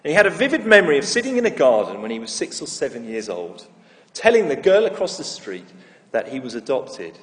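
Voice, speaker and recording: A middle-aged man preaching a sermon, telling stories and stressing key phrases with slow repetition. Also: mid-range voice, huge pitch swings. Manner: storytelling, emphatic with slow repeated phrases. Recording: echoey hall reverb.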